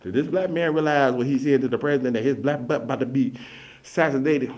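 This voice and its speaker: A man's voice: mid-range voice, fast, darkish tone. A man telling a rambling, repetitive comic story to an audience. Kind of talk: comedic story monologue. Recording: dull lo-fi recording.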